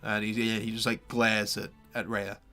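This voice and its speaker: Guy running a tabletop game, bright voice, lots of uhs and restarts. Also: on the low side, level tone, unhurried, faint music behind. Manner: hesitant, many fillers and restarts. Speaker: game master.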